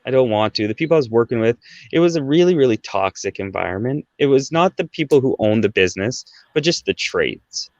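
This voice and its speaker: On a muffled recording with no echo, a man from Canada in his thirties shares a personal story as a podcast guest. He talks fairly quickly and expressively in a mid-range voice, conversational and peppered with "right?" and "like."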